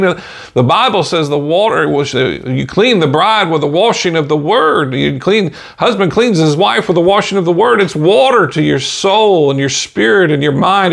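A man's voice: fairly high pitch, vocal fry, fairly bright tone. A man preaching an informal podcast sermon in a folksy way, dropping in "amen" and "you know" and chuckling between points.

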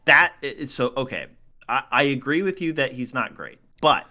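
A man's voice: mid-range voice, expressive, moderate pace, pushed and bright. A man co-hosting a podcast, talking casually and expressively, often indignant and laughing. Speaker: podcast co-host. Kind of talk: casual chat.

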